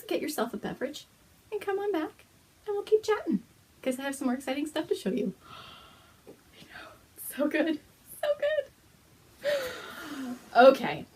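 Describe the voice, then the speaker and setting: Gushing, excitable woman host, lively pitch. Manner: gushing, breathless gasps and whispered exclamations. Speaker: host of a knitting and fiber podcast. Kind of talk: excited casual show-and-tell chat.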